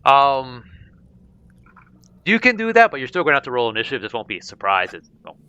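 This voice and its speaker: Bright, clear-voiced male game master. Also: medium pitch, big pitch swings, a little fast, dull audio. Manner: casual, loose narration with fillers and laughs. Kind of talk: narrating a tabletop game.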